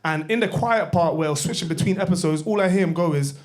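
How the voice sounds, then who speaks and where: A young comic on a club stage, rattling through his stories at a quick clip in a fairly high voice. His delivery is loose and slangy, full of self-mocking asides. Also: noisy background. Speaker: stand-up comedian. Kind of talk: stand-up comedy set.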